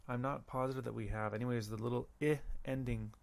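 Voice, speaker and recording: A man teaching a language lesson, slowly repeating words and pausing to think. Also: mid-range voice, fairly even intonation, vocal fry. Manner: slow, careful, repeats words with pauses. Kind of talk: recorded audio lesson.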